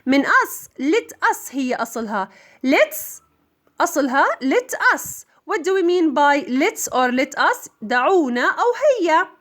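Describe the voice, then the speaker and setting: A woman's voice: sits high, expressive, a little fast, a bit bright. A woman teaching an English lesson, repeating words and answering her own questions. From Jordan. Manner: drills words by repeating them, asks questions and answers them herself. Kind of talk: bilingual classroom lesson.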